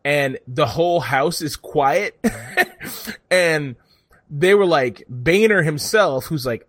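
A man's voice: a little high, slow, dry recording, studio quality. A man telling a story in casual chat, rambling and cursing freely as he goes. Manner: profane, rambling, animated storytelling.

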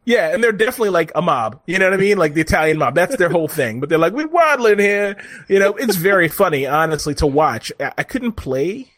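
A man co-hosting a podcast in casual chat, animated and rambling, laughing often. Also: fairly high pitch, fast, few pauses, no room sound, clean studio sound. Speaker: podcast co-host.

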